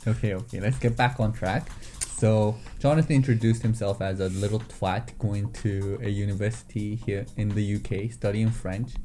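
Teasing young man, mellow voice. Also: on the low side, fairly even intonation, faint music behind. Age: young adult. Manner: teasing, brisk and wry. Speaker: podcast co-host. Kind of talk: casual chat. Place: bedroom hung with blankets.

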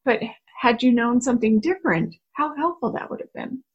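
Woman host, encouraging and faith-centered, breathy voice. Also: a little high, brisk, highs cut off. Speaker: podcast host. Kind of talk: casual chat.

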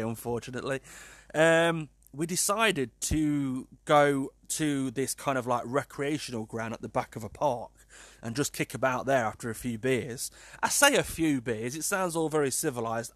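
A British man in his thirties tells a personal story in a loose, rambling, self-deprecating way, dotted with fillers and asides. His pitch sits in a middling range, and the recording is close and dry with no room sound. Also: fairly bright tone, dry recording. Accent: British English.

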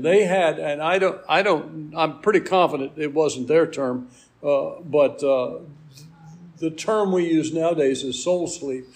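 A man's voice: a little high, a little mellow. A man preaching a sermon, explaining scripture in an earnest teaching manner.

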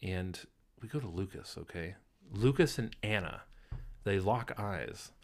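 A man's voice: on the low side, animated, unhurried. A man co-hosting a podcast, recapping in casual chat, rambling and laid-back with many fillers. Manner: rambling, laid-back, lots of "you know" and "like". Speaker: podcast co-host.

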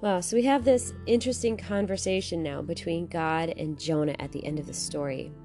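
A woman reading a Bible passage aloud and then teaching on it in a measured, reflective way, putting questions to the listener. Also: fairly low pitch, music in the background. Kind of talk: scripture reading and devotional teaching.

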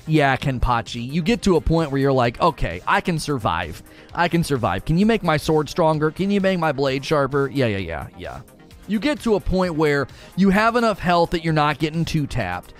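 Animated man chatting on a game stream. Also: mid-range voice. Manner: animated, laughs often, reads chat aloud. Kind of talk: casual gaming stream chat.

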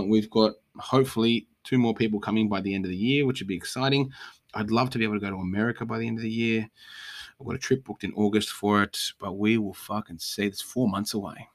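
A young Australian man hosting a solo podcast, ranting bluntly with heavy swearing. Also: fairly low pitch. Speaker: podcast host. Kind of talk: casual solo rant.

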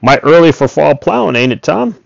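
A man's voice: medium pitch, animated, measured pace, vocal fry, dry recording, pitched above the performer's own voice. A man voicing a talkative old male farmer and horse trader who coaxes in a folksy rural drawl. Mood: hollering sociably. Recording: dull, dry recording.

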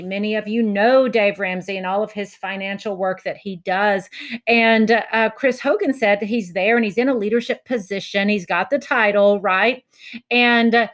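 A woman giving a motivational talk to educators, telling a story with lively acted-out quotes and laughter at her own punchlines. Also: medium pitch. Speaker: education speaker.

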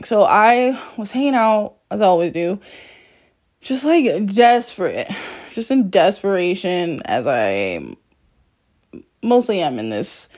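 A woman hosts her own podcast solo, talking candidly, swearing freely, mocking herself and laughing often. Her voice has a medium pitch and a darkish tone.

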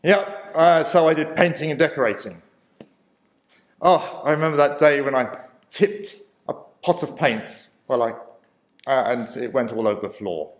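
A man's voice: mid-range voice, normal speed. Man, chuckling self-deprecating testimony. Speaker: preacher. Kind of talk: personal testimony storytelling. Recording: roomy echo.

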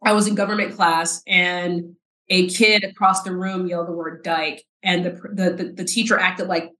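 A woman in her forties from South Texas, a podcast guest telling her personal story in an earnest, halting way with repeated words. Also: lowish voice, flat delivery, sharp tone. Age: 40s. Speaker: podcast guest, nonprofit CEO. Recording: roomy echo.

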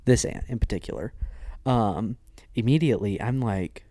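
A man's voice: lowish voice, moderate pace, dry recording. A young adult man, co-host of a podcast, telling a story in casual chat and acting out the voices of the people in it. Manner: animated storyteller who acts out quoted voices.

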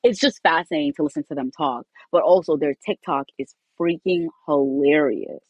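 Woman co-host with a low voice, relaxed slangy banter, muffled dry audio. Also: breathy edge, no room sound. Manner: laid-back, slangy, quick to laugh. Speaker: podcast co-host. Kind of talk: casual chat.

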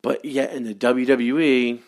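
A man's voice: mid-range voice, little pitch movement, a little slow, dry recording, studio quality. A man hosting a solo podcast, ranting with heavy profanity and repeated exasperated pleas. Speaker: podcast host. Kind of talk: solo wrestling podcast rant.

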